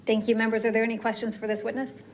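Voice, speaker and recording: Female committee chair, fast procedural calls, formal and routine, higher voice. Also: monotone, a little hiss or hum. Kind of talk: procedural hearing announcements. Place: legislative hearing room.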